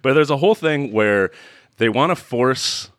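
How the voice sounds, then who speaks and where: A man co-hosting a casual chat about a movie, sarcastic and quick to laugh. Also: medium pitch, no room sound, clean studio sound. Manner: animated, laughs often, sarcastic. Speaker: podcast co-host.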